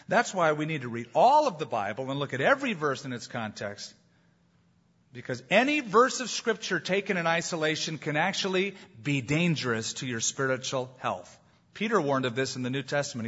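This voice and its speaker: A slightly high, husky male voice preaches with emphatic, animated delivery. He is a pastor in the middle of a sermon, and his points land with a touch of humor. The recording sounds dull and lo-fi.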